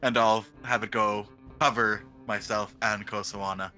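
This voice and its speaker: Bright-voiced man, halting with fillers. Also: on the low side, steady tone, soft background music. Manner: halting, with many filler pauses. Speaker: player. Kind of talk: tabletop game play.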